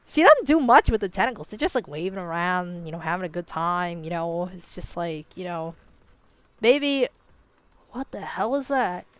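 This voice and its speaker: A woman's voice: on the low side, big pitch swings, normal speed, faint music behind. A young woman ranting casually and playfully, laughing often and filling her talk with "like" and "you know". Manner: playful, slightly profane. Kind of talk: casual rambling commentary.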